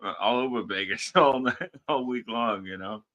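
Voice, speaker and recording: A man co-hosting a podcast in casual chat, relaxed and halting, with many fillers. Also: medium pitch, highs cut off. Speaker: podcast co-host. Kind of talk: casual post-show chat.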